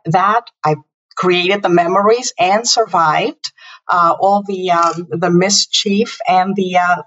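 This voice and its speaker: A woman in her fifties, a mother and parenting guest, telling a personal story in an interview in a reflective, halting way with many restarts. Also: fairly low pitch, a bit bright. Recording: distant, muffled remote audio.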